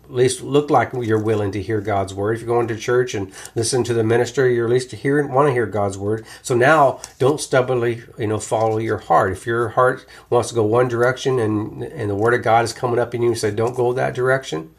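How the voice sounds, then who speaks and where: A man teaching from the Bible in a relaxed, conversational way, often restarting his sentences with fillers. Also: medium pitch, a little fast, creaky, hardly any pauses.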